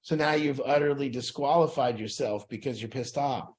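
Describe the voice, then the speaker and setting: A man's voice: medium pitch, normal speed. A man leading an addiction recovery group in a room, talking earnestly and reflectively, acting out the inner voices he describes.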